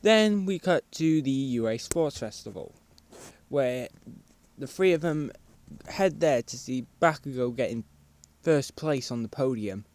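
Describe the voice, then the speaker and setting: A man's voice: medium pitch, expressive, measured pace, a little mellow, dry recording. A man, improvising a fan story in a rambling, casual way. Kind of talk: casual spoken fan fiction.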